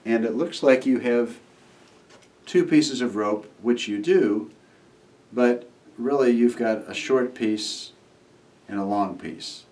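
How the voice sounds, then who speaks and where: A man, a magician, casually explaining a trick step by step while showing it, and now and then acting out what the kids shout back. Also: mid-range voice, slow pace, pauses often, far from the mic. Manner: relaxed, acts out the kids' replies while demonstrating.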